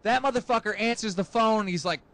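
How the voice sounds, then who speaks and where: High-voiced young man telling wild tale. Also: fairly bright tone, a little hiss or hum, low-quality recording. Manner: profane, acts out characters in quick high voices. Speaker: comedic storyteller. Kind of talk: rambling comic story with crude jokes.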